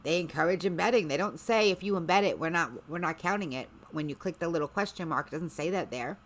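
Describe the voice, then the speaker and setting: A woman's voice: on the low side, brisk. A woman hosting a livestream, chatting casually in a rambling way with sarcastic asides. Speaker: livestream host.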